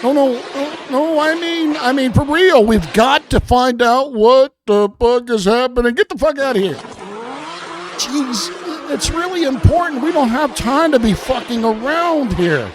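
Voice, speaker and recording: Excitable, profane game commentator. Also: high-pitched, a little slow, noisy background. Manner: excitable, mock-panicked, swears freely, stammers and repeats itself; slips into a gruff, bossy police-officer act. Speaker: host. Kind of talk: profane, joking gameplay commentary.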